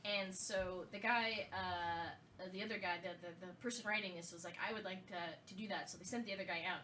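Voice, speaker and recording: A woman's voice: medium pitch, steady tone, fairly quick, sharp tone, distant mic, a little hiss or hum. A woman co-hosting a casual gaming podcast, telling a long story with many fillers and restarts. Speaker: podcast co-host.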